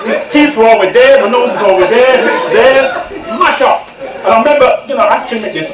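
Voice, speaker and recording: Animated man telling stories. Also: very high-pitched, a little fast, a loud crowd. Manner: animated, laughs often. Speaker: author, guest speaker. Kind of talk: comic storytelling to an audience. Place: event room indoors. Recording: echoey room from far off, noisy.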